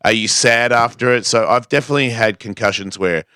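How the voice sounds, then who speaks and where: A man's voice: mid-range voice, fairly quick, bright, forceful tone, clean tone, dry recording, clean studio sound. A man telling a personal story on a talk show, acting out the voices he quotes. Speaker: guest skateboarder. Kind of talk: casual storytelling.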